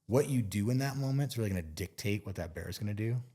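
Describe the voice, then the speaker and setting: A man with a notably low-pitched voice talks easily as an interview guest. He explains in a relaxed, conversational way and sometimes acts out little scenes to make a point. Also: fast, slightly rough. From Montana. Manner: relaxed, explains with playful acted-out asides. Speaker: bear expert guest. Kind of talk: casual interview talk.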